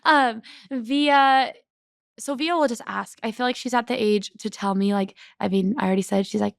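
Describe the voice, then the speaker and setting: A young woman guest talks in a loose, chatty way, full of "like," and lifts her voice whenever she quotes her kids. Her voice has a gravelly, fried edge. The sound is close and dry, with no room around it. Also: fairly high pitch, normal speed, no room sound. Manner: chatty, peppered with "like"; animated when quoting her kids. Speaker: podcast guest. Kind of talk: casual chat.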